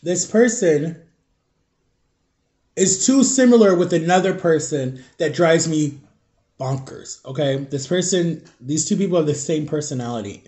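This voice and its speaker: Congested man, slightly high voice, halting confessional vlog from home. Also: lively intonation, mellow. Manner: rambling, halting, searching for words. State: congested, stuffy nose. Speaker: vlogger. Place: at home, eating on camera.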